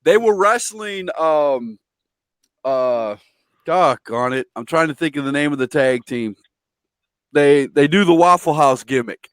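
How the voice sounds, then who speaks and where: A man's voice: a little high, expressive, unhurried, smooth, no room sound, studio quality. A man hosting an interview, telling a funny story with eager laughs and stumbling restarts. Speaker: interview host. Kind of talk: casual interview chat.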